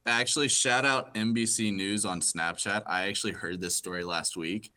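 A man with a very low voice and a bright, forceful edge to it, chatting casually on a podcast. He sounds matter-of-fact and a little playful. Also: steady tone, normal speed, smooth. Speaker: podcast co-host. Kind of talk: casual banter.

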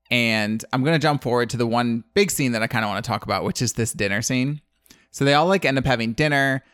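A man's voice: medium pitch, a bit bright, smooth, no room sound, studio quality. A man casually recapping a film plot on a podcast, rambling and chatty with lots of "like.". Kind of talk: casual chat.

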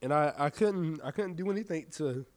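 A man's voice: a little high, animated, moderate pace, darkish tone, dry recording, studio quality. A young man giving an earnest, emotional personal faith testimony, sounding tired and subdued. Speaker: church member giving testimony.

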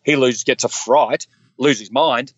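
The recording is dry and muffled, carrying a husky, mid-range male voice at a measured pace. He's an earnest guest in his fifties, a former police officer, sharing candid stories from his life with animation and performing the quoted dialogue.

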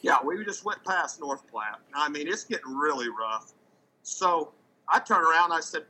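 Telling a story in loose, casual talk, this man has a very bright, ringing voice pitched fairly high, moving at a moderate pace. He's animated, stumbles over repeated words, and now and then jumps his voice up to act out what people said. The audio quality is poor.

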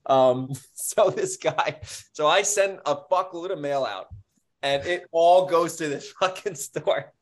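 A man co-hosting a podcast, telling stories in casual chat with animated, profane energy. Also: a little high, slow. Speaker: podcast co-host.

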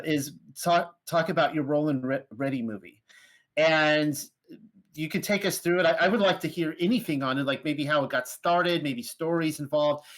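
A man hosting an interview podcast, telling stories in a rambling, animated way with lots of fillers. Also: fairly high pitch. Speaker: podcast host. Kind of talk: casual conversational interview.

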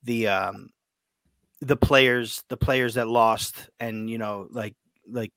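A man hosting a casual sports chat, excitable and emotional, often repeating his words. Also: medium pitch, takes it slowly, no room sound. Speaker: podcast host.

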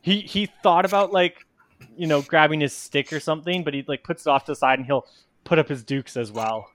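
Relaxed man playing a tabletop game. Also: on the high side, no echo. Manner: relaxed, laughing, with halting restarts. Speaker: player. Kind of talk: casual chat at a tabletop game.

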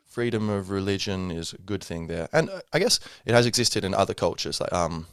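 A man's voice: sits low, lively intonation, brisk, a bit bright, clean tone, no room sound, clean studio sound. A man hosting a casual solo podcast, rambling with many fillers and self-corrections. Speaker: podcast host.

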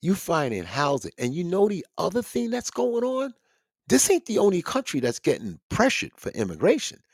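Male podcast host, loose profane ranter, very lively delivery, dead-dry room. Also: high voice, moderate pace, no echo. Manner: animated, swearing, ranting. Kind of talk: casual profane commentary.

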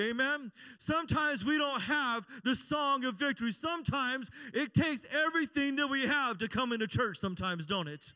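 A man's voice: very high voice, sharp tone, smooth, no room sound. A middle-aged pastor, preaching conversationally and asking his congregation "amen?". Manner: conversational preaching, frequent call-and-response "amen?". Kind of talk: sermon.

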